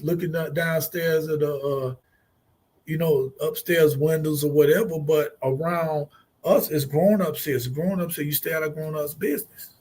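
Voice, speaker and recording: High husky guy on a radio talk show, blunt, cussing, telling stories. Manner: blunt, profane, animated storytelling. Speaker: co-host.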